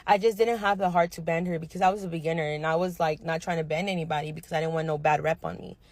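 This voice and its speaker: A woman's voice: low voice, quick pace, dry recording. Slangy young woman telling a nail-client story. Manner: animated, slangy retelling with quoted dialogue. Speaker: nail technician. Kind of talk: casual storytime.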